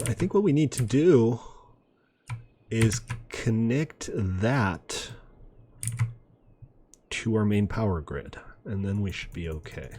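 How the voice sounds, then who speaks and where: A man with a fairly low voice talks through his city-building game at the computer. His tone is easygoing and chatty, with self-deprecating jokes along the way. Soft mouse clicks and keyboard taps sit faintly behind him. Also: a little hiss or hum. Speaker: gaming video host. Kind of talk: casual gameplay commentary. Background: faint mouse clicks and typing.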